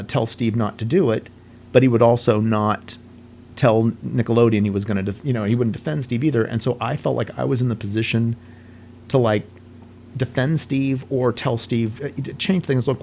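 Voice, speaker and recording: A man's voice: mid-range voice, gravelly, slight background noise. A man being interviewed and recalling a working relationship, telling it as a story and acting out what others said. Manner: animated storytelling, acting out quoted dialogue. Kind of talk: oral-history interview recollection.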